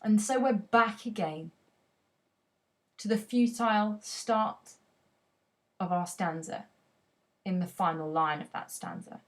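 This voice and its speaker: A woman's voice: mid-range voice, slow, pauses often. A woman teacher giving a poetry analysis lesson, talking expressively and reading quoted lines aloud with dramatic emphasis.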